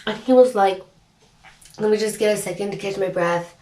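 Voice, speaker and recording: A woman's voice: medium pitch, moderate pace, pauses often. Chatty young woman, roomy and distant. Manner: chatty, animated, many fillers. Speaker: vlogger. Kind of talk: storytime chat. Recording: roomy echo, distant mic.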